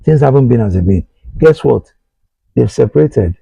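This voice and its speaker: In an advice monologue, a middle-aged Nigerian talk-show host repeats his points earnestly while talking right to his listeners. The voice is mid-range and warm with a breathy edge, lively intonation, a moderate pace and vocal fry. It's a low-quality recording with no room sound.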